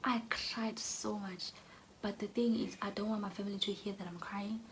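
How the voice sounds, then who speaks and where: A young woman telling an earnest personal story, often dropping to a soft whisper. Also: medium pitch, steady tone, normal speed, slight background noise, low-quality recording. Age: young adult. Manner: earnest, drops to soft whispers when emotional.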